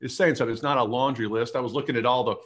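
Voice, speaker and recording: A man's voice: medium pitch, fairly even intonation, racing, fairly bright tone. A male podcast host in a mid-range voice keeps things loose and casual. He ribs his guest with a jokey, teasing manner between questions. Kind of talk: casual interview chat.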